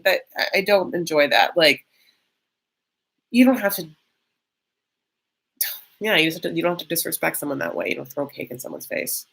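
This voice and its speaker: A woman hosting a live TV reaction stream, talking casually with lots of fillers and quick, gossipy bursts. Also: sits low, a bit bright. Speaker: reaction show host.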